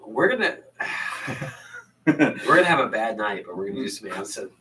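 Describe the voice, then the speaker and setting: A man's voice: fairly low pitch, sing-song, normal speed, pushed and bright, slight background noise. A man in a casual whiskey tasting chat at a bar, confident and opinionated, heard from a distant mic.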